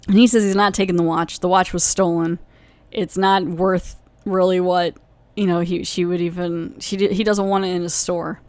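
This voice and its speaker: A woman's voice: lowish voice, level tone, moderate pace, darkish tone, smooth, no echo. A woman hosting a podcast, casually recapping a TV episode in a rambling way, full of "like" and "you know" and self-corrections. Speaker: podcast host reviewing a TV episode.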